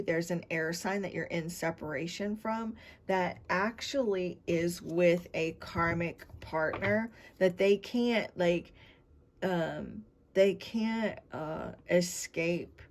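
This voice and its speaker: Woman tarot reader, lowish voice, unhurried and rambling, speaking to viewers. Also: darkish tone. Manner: meandering, talks straight to viewers. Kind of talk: tarot reading to camera.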